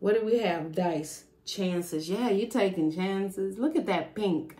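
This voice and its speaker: A woman's voice: mid-range voice, slow pace, heavy background noise. A woman giving a casual, rambling tarot reading, thinking aloud with fillers and trailing thoughts. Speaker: tarot reader.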